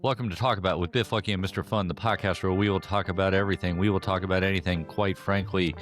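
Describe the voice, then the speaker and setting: A man's voice: low voice, steady tone, fast, hardly any pauses, faint music behind. A man hosting a casual podcast chat, rambling with many fillers and restarts. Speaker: podcast host.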